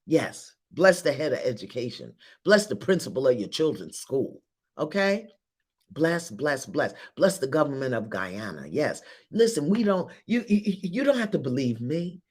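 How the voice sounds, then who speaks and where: A woman as spiritual teacher leading an online group in a guided blessing, urging listeners on with fervent, repetitive calls that swing between soft and loud. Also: a bass voice, sing-song, moderate pace, breathy edge.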